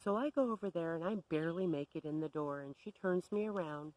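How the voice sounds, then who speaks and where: A woman's voice: on the low side, fast talker, darkish tone, rough recording. A woman telling a story to camera in a sardonic, exasperated rant. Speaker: vlogger.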